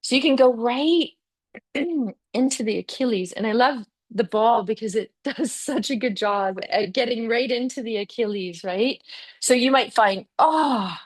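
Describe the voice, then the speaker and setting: A woman's voice: a little high, measured pace. A middle-aged woman teaching a live yoga class, chatty and encouraging, often saying "yeah" and "okay" as she guides students.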